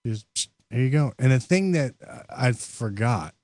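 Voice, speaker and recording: A man hosting a casual podcast chat, telling stories in an animated way and laughing often. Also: medium pitch, unhurried, no echo. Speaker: podcast host.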